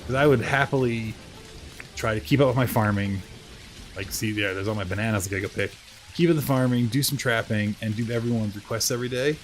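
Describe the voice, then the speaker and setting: A man's voice: lowish voice, fast, poor audio. A man chatting casually while live-streaming a video game, rambling through asides and poking fun at himself. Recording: game music playing clearly behind.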